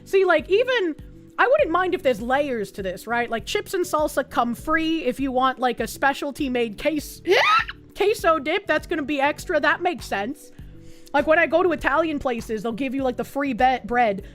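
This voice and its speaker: A woman's voice: sits high, expressive, moderate pace, a bit bright, soft background music. An American woman streaming, reading an article aloud and chatting with a rambling, profane, laughing manner. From United States.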